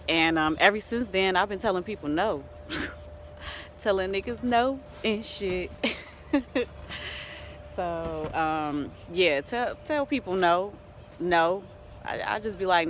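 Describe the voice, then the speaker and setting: A woman's voice: lowish voice, slow, pauses often. Chatty woman vlogger with light background noise. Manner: chatty, laughs often, keeps addressing viewers as y'all. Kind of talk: casual motivational vlog.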